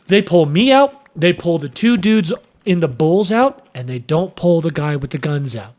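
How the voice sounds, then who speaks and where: A young man casually telling a story on a podcast, animated, cursing and acting out sounds and voices. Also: sits high, moderate pace, few pauses. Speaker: podcast host.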